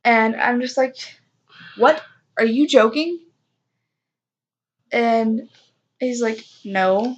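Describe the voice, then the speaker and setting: A woman's voice: on the high side, drawn-out words, muffled recording. Chatty young woman telling a story. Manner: chatty, self-mocking, acts out quoted voices. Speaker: vlogger telling a personal story. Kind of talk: casual storytime chat.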